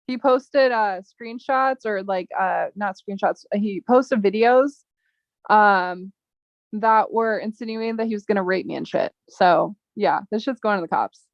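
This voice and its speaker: Profane, fast-ranting woman chat host. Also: mid-range voice, no room sound, highs cut off. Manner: angry, profane, rambling. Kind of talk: casual livestream chat.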